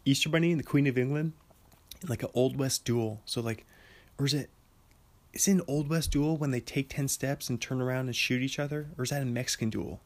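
Young guy, casual rambling talker, mid pitch, giggles at his own jokes. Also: fairly quick. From Washington State, USA. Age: young adult. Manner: rambling, filler-heavy, laughs often at his own jokes. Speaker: monologue talker.

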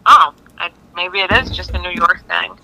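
A woman's voice: on the low side, moderate pace, a crowd in the background, rough recording. A woman guest on a casual podcast, curious and asking short questions.

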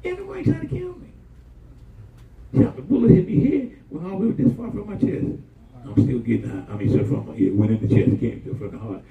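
A man preaching a lively sermon in a church, telling personal stories in a folksy, colloquial way and drawing call-and-response from the congregation. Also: a little high, a little fast, vocal fry. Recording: dull, distant, roomy church recording.

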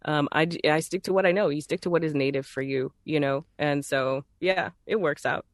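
A woman's voice: sits low, brisk, no room sound, clean studio sound. A woman from Texas with a Texan accent, a voice actor talking in a casual, chatty and easygoing way. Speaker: voice actor guest. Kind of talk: casual conversation.

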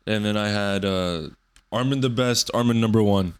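A man's voice: lowish voice, normal speed, smooth. A man in his twenties hosting a solo podcast, rambling loosely and swearing often. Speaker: podcast host.

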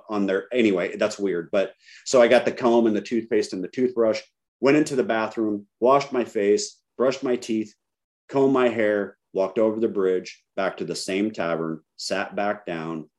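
In a fairly low, darkish voice, a middle-aged man shares his personal recovery story frankly with a group, poking fun at himself along the way.

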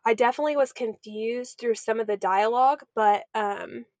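A woman's voice: on the high side, normal speed, darkish tone, no echo. A woman co-hosting a casual movie chat, giggly and a bit hesitant. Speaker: podcast co-host.

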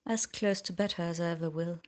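A woman reading the lines of a tired, sharp-tongued young female healer in an audiobook. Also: on the low side, fairly even intonation, brisk, natural voice. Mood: weary. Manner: tired and biting.

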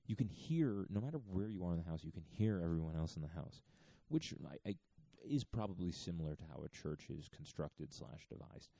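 A man hosting a podcast, talking in a hushed, half-whispered ramble full of swearing and chuckles. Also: low voice, lively intonation, a little fast, vocal fry, few pauses, no room sound. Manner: profane, digressive, chuckling. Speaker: podcast host. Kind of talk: rambling comic monologue. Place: renovated church getaway, indoors.

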